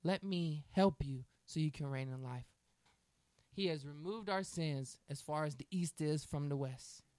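A man's voice: high voice, no echo. A man hosting a faith talk, telling a family story in an earnest, preaching way. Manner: earnest storytelling, acts out quoted voices.

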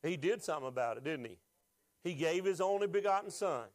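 A man's voice: a little high, animated, a little fast, no echo. A pastor preaching a sermon, asking the congregation questions and rising with emotion as he is moved.

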